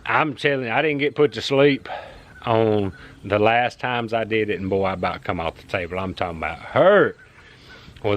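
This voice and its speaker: A man's voice: on the low side, a bit bright, dull audio. A man, talking casually to camera about his farm work in a plain-spoken, folksy way. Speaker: farmer vlogger. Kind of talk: casual vlog talk to camera. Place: in a truck on rural roads. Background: car and engine noise.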